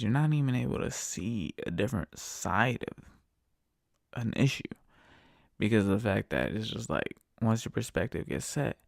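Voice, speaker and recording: A man's voice: lowish voice, gravelly, no room sound, clean studio sound. A man hosting a podcast, talking alone in a casual rant, swearing constantly and circling back over his points. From United States. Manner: swears constantly, repeats himself, animated venting. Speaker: podcast host. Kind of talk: casual profane monologue rant.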